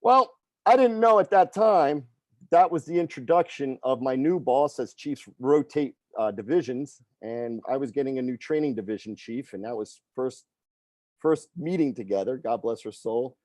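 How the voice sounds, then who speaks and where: Here the middle-aged fitness coach recounts something from his own life in a casual, conversational manner, repeatedly tacking on "right?" and "okay?". His mid-range voice is a little mellow and moves at a moderate pace, with no echo.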